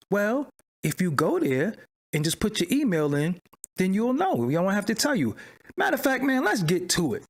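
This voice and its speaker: Animated, high-pitched livestream host. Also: male voice, moderate pace. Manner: loud, animated, swings from high exclaiming to low muttering. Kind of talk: casual livestream commentary. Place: home studio at his screen.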